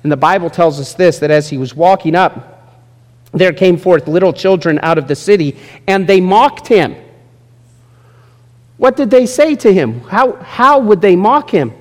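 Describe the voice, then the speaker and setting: A male pastor preaching a sermon with lively, joking asides to people in the congregation. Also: high-pitched, unhurried. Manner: lively, jokes with congregation members by name. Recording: long reverb in a large hall.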